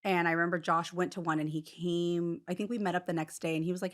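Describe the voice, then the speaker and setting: A woman's voice: fairly low pitch, little pitch movement, fast talker. A woman in her thirties, a podcast guest, telling a personal story in a rambling, casual way with lots of fillers. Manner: rambling, many "like" fillers, acts out quotes.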